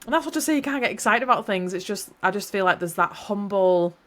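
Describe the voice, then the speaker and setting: A woman's voice: mid-range voice, expressive, quick pace, a bit bright. A woman hosting a solo podcast, talking in a reflective, encouraging, rambling way and often correcting herself mid-sentence. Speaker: podcast host.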